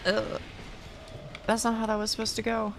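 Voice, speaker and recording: A woman's voice: a little high, monotone, normal speed, gravelly, slight background noise. A young woman streaming a video game to her chat, swearing freely and joking at her own expense. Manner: swears freely, talks to chat, self-mocking. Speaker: VTuber streamer. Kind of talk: casual gaming stream chat.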